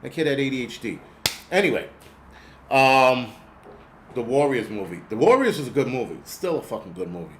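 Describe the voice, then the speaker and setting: A man's voice: mid-range voice, very animated, moderate pace, pauses often, fairly bright tone. A man in his forties hosting a casual livestream, ranting in a rambling, profane way and talking back to his chat. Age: 40s. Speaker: host.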